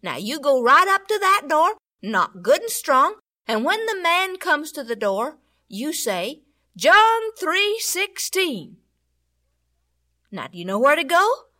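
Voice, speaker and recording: A woman voicing a tall, kind male policeman who speaks with slow, gentle, reassuring firmness. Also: high voice, very animated, full character voice. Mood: kindly.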